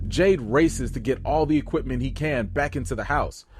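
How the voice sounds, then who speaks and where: A man hosting a casual recap of a TV series, talking in an animated, excitable way with joking asides. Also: mid-range voice, moderate pace, slight background noise. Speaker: show recap host.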